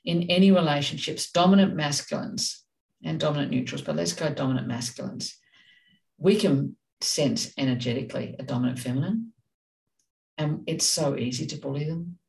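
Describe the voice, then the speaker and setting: Gravelly, passionate woman, distant mic. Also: sits low, normal speed, darkish tone. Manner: passionate, direct, emphatic. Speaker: parenting podcast co-host. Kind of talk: casual discussion.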